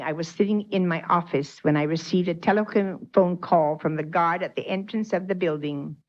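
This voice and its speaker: A woman, a spiritual teacher, reads a story aloud to her class and breaks off to quiz her listeners. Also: fairly low pitch. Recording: dull lo-fi 1980s tape.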